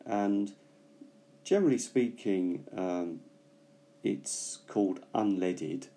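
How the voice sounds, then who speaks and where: A man teaches English vocabulary in a relaxed, unhurried way. His voice is low and mellow, and he pauses often to think aloud. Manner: slow, thoughtful, with many pauses and fillers. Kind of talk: casual bilingual language lesson.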